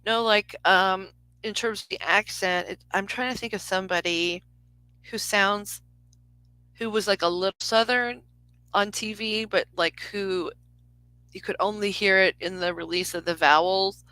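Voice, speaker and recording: A woman's voice: medium pitch, fairly even intonation, measured pace, sharp tone, clear, resonant tone, no room sound, rough recording. A woman in her forties giving a live psychic reading to a caller, rambling and interrupting herself with lots of fillers. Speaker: psychic reader. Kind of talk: live reading on a phone call.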